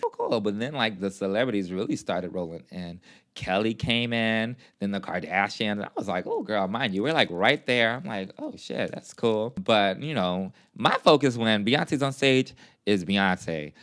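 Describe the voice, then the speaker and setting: A man vlogging a casual recap, telling the story in a gushing, animated way full of fillers and sassy asides. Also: lowish voice.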